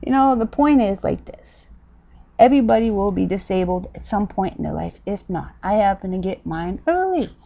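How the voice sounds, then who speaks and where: A woman ranting bluntly and sarcastically in a casual vlog, jumping from loud outbursts to low mutters. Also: very animated, normal speed, creaky, lo-fi sound. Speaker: vlogger.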